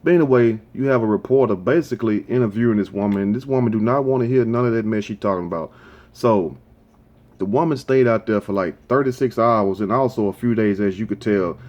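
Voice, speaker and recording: A man's voice: lowish voice, a little fast, dull audio. A man hosting his own show, giving rambling, opinionated commentary in a casual, conversational way. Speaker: show host.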